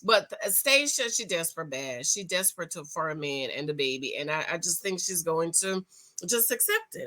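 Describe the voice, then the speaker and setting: A woman giving sassy, animated commentary on a reality show, with features and lots of restarts. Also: lowish voice, moderate pace. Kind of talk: casual opinion review.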